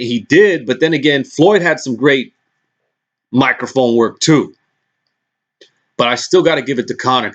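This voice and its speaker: A man ranting in a casual vlog, excitable and full of swearing, often restarting his sentences. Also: medium pitch. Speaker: vlogger recapping press conferences. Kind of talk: casual profane rant.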